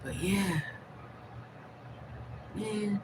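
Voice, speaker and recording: A woman talking straight to her viewers in a casual, emphatic vlog monologue, moving between loud, swearing outbursts and hushed, half-whispered asides. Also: medium pitch, extremely slow, noisy background. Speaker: vlogger, host of her own channel.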